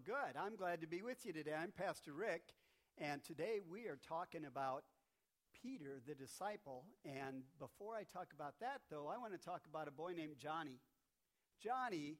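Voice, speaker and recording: A man pastor telling a friendly story to children during a church service. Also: on the high side.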